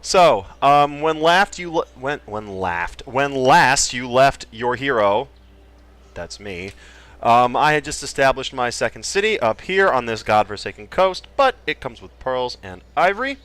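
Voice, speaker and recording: A man's voice: medium pitch, lively intonation, unhurried, fairly bright tone, no echo. A man hosting a casual Let's Play, cracking jokes and trailing off into mumbled asides as he explains his moves. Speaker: gaming channel host.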